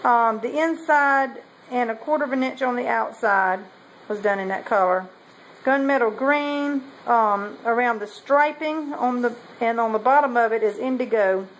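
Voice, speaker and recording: A woman with a somewhat high voice, chatting her way through a casual show-and-tell. She meanders and corrects herself often, with a faint noise in the background. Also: normal speed, low-quality recording. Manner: chatty, meandering, with many ums and self-corrections. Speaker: potter showing kiln results.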